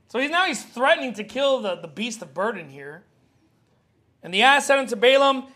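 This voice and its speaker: A male pastor with a very high voice preaches with animated, joking energy. He acts out Bible scenes as he goes. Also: fairly quick. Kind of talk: sermon.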